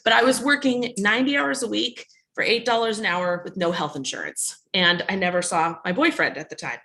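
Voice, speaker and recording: Woman, 30s, New Jersey accent, crisp bright tone, wisecracking and self-mocking, author talk. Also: medium pitch, fairly quick. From New Jersey, USA. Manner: jokey, self-deprecating, laughs often. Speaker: author speaking at a bookstore event.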